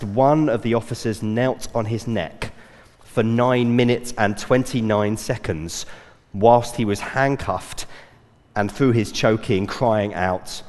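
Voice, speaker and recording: Earnest male church elder in reverberant hall. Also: medium pitch. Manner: earnest, hesitant with fillers and restarts. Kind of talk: sermon.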